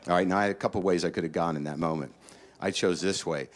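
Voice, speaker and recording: A middle-aged man doing a stand-up comedy set, ranting neurotically and jumping into panicked high-pitched voices. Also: quick pace, heavy background noise. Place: comedy stage before a laughing audience.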